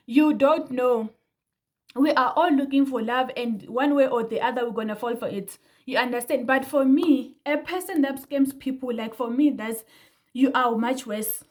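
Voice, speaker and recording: Heated high-voiced woman. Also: moderate pace. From South Africa. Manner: heated, indignant, repeats herself for emphasis. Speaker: vlogger. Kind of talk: casual commentary to camera.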